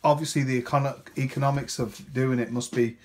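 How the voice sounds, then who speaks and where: A man's voice: mid-range voice, steady tone, fairly quick, a little mellow. Chatty man unboxing a game. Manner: chatty, rambling, with tag questions. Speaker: board game unboxing presenter. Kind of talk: casual unboxing commentary.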